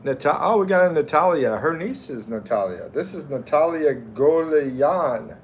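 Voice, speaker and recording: A man's voice: on the high side, lively intonation, a little hiss or hum. A middle-aged man from the United States hosting a casual livestream, reading viewers' comments aloud and chatting in a friendly way. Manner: slow, friendly, reads viewer names aloud. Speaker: livestream host.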